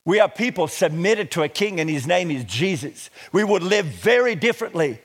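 Middle-aged man preaching, slightly higher voice. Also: animated. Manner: slow emphatic scripture reading with pauses. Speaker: pastor. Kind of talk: sermon.

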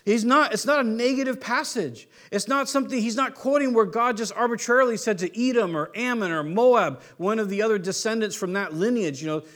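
A man's voice: high voice, fairly quick, hardly any pauses, a bit bright. A man preaching a sermon, teaching conversationally with rhetorical questions and restarts. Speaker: pastor.

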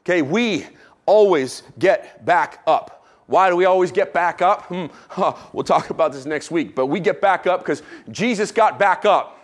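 A man preaching a sermon as pastor, who drops low and quiet for emphasis and adds playful asides. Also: lively intonation, normal speed.

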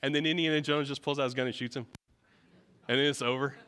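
A man preaching a sermon, telling the story vividly and often checking in with the listeners with a quick "right?". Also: mid-range voice, fairly even intonation, fairly bright tone.

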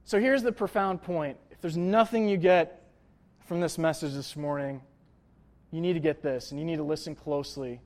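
A man's voice: on the high side, moderate pace. A young man preaching a casual, conversational sermon, joking and filling his talk with "like" and "uh". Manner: conversational, jokey, lots of fillers like "like" and "uh". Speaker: pastor.

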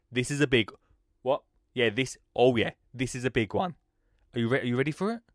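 A man hosting a casual podcast, excitable and jokey, rambling with restarts. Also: mid-range voice, dry recording, clean studio sound. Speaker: podcast host.

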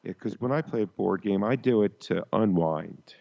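Gravelly man, podcast co-host, cocky crude jokes, dull lo-fi sound. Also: lowish voice, normal speed. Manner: joking, cocky, crude one-liners. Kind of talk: casual comedic podcast banter.

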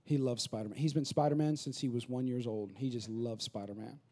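Mellow-voiced pastor preaching conversationally. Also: male voice, mid-range voice, fairly even intonation. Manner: conversational preaching, builds to rapid repetitive crescendos. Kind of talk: sermon.

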